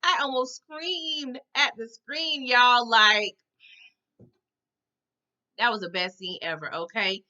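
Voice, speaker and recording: An animated woman chats through a TV episode recap with dramatic flair, punctuating her lines with "okay?" and "all right?". Her voice is bright and sits a little high. The audio is dull and lo-fi. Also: slow, long pauses. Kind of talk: casual recap commentary.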